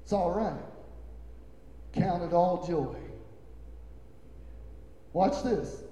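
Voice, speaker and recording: Man, pastor, sermon, high voice, slow, emphatic, repetitive, echoey church. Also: animated. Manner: emphatic, repetitive, swinging between low murmurs and shouts. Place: church sanctuary. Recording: echoey hall with long reverb.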